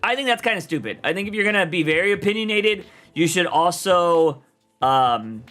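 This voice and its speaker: A young man talks loosely on his livestream, rambling in slang with plenty of animation. His voice sits high and bright with a sharp edge. Faint music plays behind him. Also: expressive, normal speed. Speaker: streamer and comic podcast host. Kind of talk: casual livestream chat.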